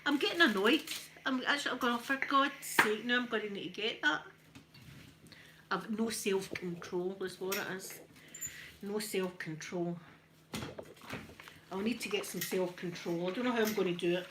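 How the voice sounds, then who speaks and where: A woman's voice: mid-range voice, moderate pace, pauses often. Scottish lady chatting on her live stream, laughs at herself a lot, bit of faint hiss behind. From Scotland. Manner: chatty, self-mocking, laughs often. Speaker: livestream host. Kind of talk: casual live-stream chat.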